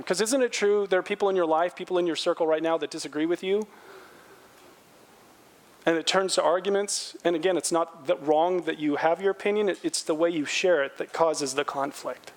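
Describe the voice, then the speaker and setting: A middle-aged man preaching a sermon as pastor, animated, acting out quotes in a raised voice and dropping low and quiet on earnest points. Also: fast.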